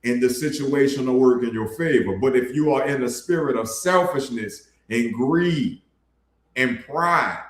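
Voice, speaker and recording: A man's voice: mid-range voice, reverberant. A man preaching a blunt, colloquial sermon for his online ministry, calling his listeners bro. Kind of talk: casual street sermon.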